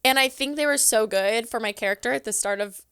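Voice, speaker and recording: Chatty young woman with a clear, high voice. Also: quick pace, a bit bright, no room sound, clean studio sound. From Southern California. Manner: chatty, heavy on "like", acts out her own past lines. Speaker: podcast guest. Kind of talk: casual storytelling. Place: podcast studio.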